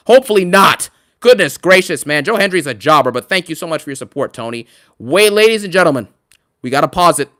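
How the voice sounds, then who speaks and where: Bright-voiced man ranting on a live stream. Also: high voice. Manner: animated, sarcastic, emphatic.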